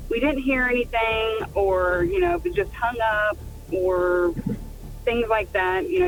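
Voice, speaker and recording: Woman guest recalling slowly, hesitant. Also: mid-range voice, rough recording. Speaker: former 911 dispatcher, guest. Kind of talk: conversational interview.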